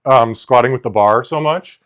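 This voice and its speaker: A man co-hosting a casual podcast, joking around and talking in quick, loose asides. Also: medium pitch, a bit bright. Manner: goofy, jokey, quick asides with frequent laughter. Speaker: podcast co-host. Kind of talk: casual chat.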